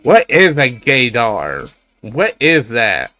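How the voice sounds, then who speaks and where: A man's voice: mid-range voice, huge pitch swings, takes it slowly, pushed and bright, no room sound. A young man streaming live, chatting casually, laughing a lot and brushing off his friend's teasing. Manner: laughs often, denies teasing with "bruh".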